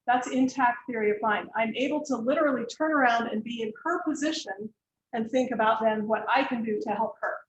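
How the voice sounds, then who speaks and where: A woman's voice: a little high, a little fast, lo-fi sound. Woman lecturer in an echoey room. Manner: explanatory, uses acted examples, direct. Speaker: lecturer on counseling and autism. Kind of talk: lecture to students. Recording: echoey room, faint background hiss.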